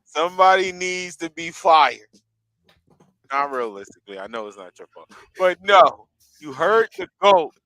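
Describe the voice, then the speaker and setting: A man's voice: fairly high pitch, expressive, unhurried, pushed and bright, no echo, poor audio. A man hosting a podcast, talking casually about wrestling in an emphatic, exclamatory way. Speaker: podcast host.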